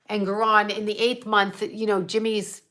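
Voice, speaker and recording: A middle-aged woman tells a personal story on her psychic livestream, talking straight to her viewers. Her voice is bright and clear. She rambles from one point to the next, and her telling carries strong feeling. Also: medium pitch, little pitch movement, moderate pace. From United States. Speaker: psychic medium livestream host.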